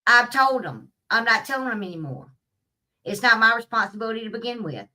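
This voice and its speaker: A woman's voice: fairly high pitch, lively intonation, fairly quick, pushed and bright, distant mic, rough recording. A woman, talking in a blunt, profane, casual vlog rant and laughing at her own stories. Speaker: vlogger. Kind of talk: casual ranting monologue.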